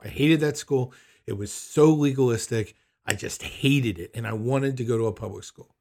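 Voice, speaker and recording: Husky middle-aged man telling a story. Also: mid-range voice, normal speed, a little mellow. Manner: emphatic, incredulous storytelling. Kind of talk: personal anecdote.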